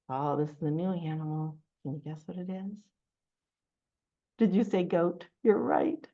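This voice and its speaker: A woman running a children's storytime, reading a picture book and coaxing the kids to join in with a lively, sing-song manner. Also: low voice, moderate pace, muffled recording. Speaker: children's librarian.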